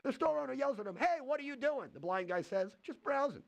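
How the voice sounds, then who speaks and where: Brash nightclub comic, high and lively, rattles jokes off fast. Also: male voice, vocal fry, dry recording, highs cut off, full character voice. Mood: joking. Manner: punchy set-up and punchline delivery, quick switches into quoted voices. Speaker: stand-up comic in a game. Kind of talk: stand-up joke delivery.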